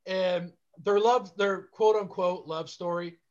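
High-voiced man with dull lo-fi sound. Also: steady tone, takes it slowly. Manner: enthusiastic, repeats "so good", swears. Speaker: guest co-host. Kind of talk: casual wrestling chat.

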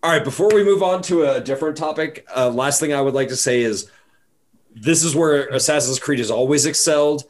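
A man's voice: fairly high pitch, a little fast. Co-host, male, loose casual storyteller on a video call, swears a lot, does bits. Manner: excitable storytelling, retells game scenes in silly voices. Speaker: podcast co-host.

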